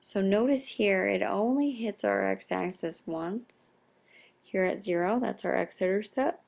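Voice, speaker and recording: A young woman, a math teacher, explaining a recorded lesson in a quiet, half-whispered voice. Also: mid-range voice, takes it slowly, vocal fry.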